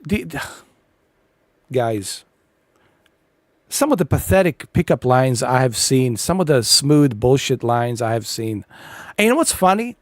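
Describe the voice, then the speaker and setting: A man's voice: mid-range voice, very animated, unhurried, long pauses, no room sound. A man hosting a gaming video, ranting casually in a blunt, profane, rambling way with many fillers. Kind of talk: casual rant over gameplay.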